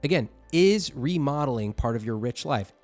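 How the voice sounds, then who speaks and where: Male finance host, mid pitch, blunt and lively, faint music underneath. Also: normal speed. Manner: blunt, animated, mock-exasperated asides. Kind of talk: reviewing viewer budgets on camera.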